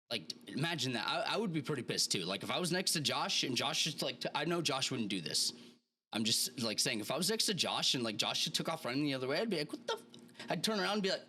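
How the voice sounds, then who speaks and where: A man hosts a motivational podcast, delivering a monologue in a mid-range, bright, forceful voice. He tells stories casually and animatedly, using plenty of slang.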